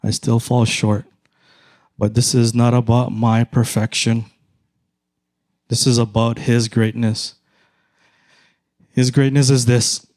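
A middle-aged man with a Filipino accent, preaching a sermon in a measured, emphatic way with repeated phrases. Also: medium pitch, little pitch movement, darkish tone. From Philippines. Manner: slow, measured, emphatic repetition.

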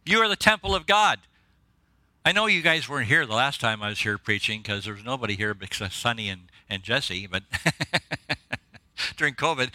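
Excitable man preaching a sermon. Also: on the high side, no echo. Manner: excitable, jokey, laughs at his own lines. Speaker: guest preacher. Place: church.

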